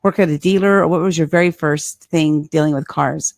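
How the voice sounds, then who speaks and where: Lower-voiced woman hosting a chat. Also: steady tone, a little fast, vocal fry, no echo, studio quality. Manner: friendly interjecting questions, laughs easily. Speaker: host. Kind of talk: casual interview.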